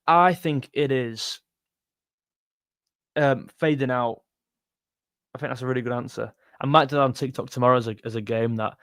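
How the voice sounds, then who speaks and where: Reading live chat on his music channel's stream, a young man jokes casually with viewers and calls them "mate." His medium-pitched voice is a bit bright and moves at a normal pace with frequent pauses, captured in a dry, studio-quality recording.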